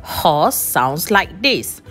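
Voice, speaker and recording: A woman with a Malaysian accent gives a primary lesson at a slow, careful pace. Her voice sits fairly low but rises and falls in a lively way. Faint music plays behind her. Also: slightly rough. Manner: slow, patient, repeats each instruction in two languages. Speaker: primary school teacher. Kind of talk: online lesson for young children, English with Malay translation.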